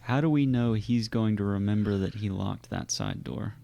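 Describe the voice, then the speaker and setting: A man's voice: lowish voice, moderate pace, gravelly, dark tone. A man talking as a player in a tabletop game, laid-back and easily amused.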